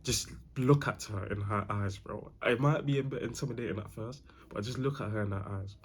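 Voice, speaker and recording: Slangy young man, low voice. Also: brisk, slight background noise. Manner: slangy, repeats himself, calls the viewer bro. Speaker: dating advice host. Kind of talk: casual advice talk.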